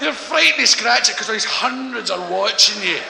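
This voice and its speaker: Stand-up, high lively voice, giggly rambling storyteller, big reverberant hall. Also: male voice, moderate pace, gravelly. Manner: rambling, giggly, acts out characters. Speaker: stand-up comedian. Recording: echoey hall with background noise.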